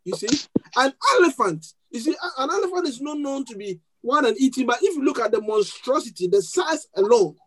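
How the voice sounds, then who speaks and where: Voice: high voice, lively intonation, a little fast, background noise. A pastor with a foreign accent delivers a sermon to a live congregation, drawing them in with questions and call-and-response. Key words are repeated for weight, with frequent restarts between phrases. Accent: non-native accent. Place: church service before a congregation.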